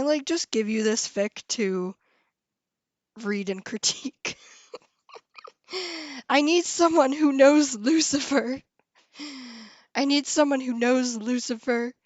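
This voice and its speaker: A woman's voice: sits high, dry recording. Bubbly young woman chatting on a stream. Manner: bubbly and excitable, often trailing off, restarting and laughing. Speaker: live streamer. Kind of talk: casual live-stream chat with viewers. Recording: dull lo-fi sound, dry room.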